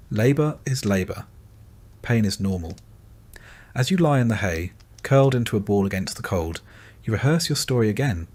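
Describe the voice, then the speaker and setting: A man narrating a scripted bedtime history story in a calm, unhurried way. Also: fairly low pitch.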